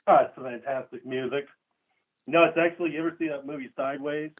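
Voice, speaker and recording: Goofy guy calling in, cracks jokes, laughs loud, sounds like an old phone line. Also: a little high, fairly even intonation, fast. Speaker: caller. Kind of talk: casual call-in chat.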